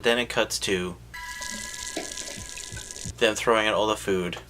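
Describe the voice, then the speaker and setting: A man giving a sarcastic, profane comedic recap of a film, jumping into quick voices for the characters. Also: fairly low pitch, fairly even intonation, music in the background.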